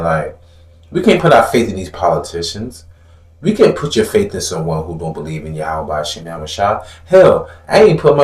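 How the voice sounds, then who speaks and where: A man delivering fiery religious commentary with plenty of cursing. His pitch rises and falls sharply as he gets worked up, and he slips into mocking voices. The sound carries a noticeable room echo. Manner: blunt, profane, preachy; animated, mocks others in put-on voices.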